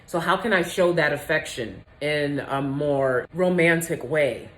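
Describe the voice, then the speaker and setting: A low-voiced woman giving a candid, casual vlog monologue, animated and quick to laugh. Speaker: vlogger.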